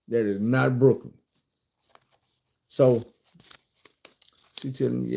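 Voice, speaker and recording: A middle-aged man, telling a story in a casual storytime style. His voice is gravelly and mellow. He is blunt and profane, with an animated way of talking. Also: mid-range voice, measured pace, pauses often.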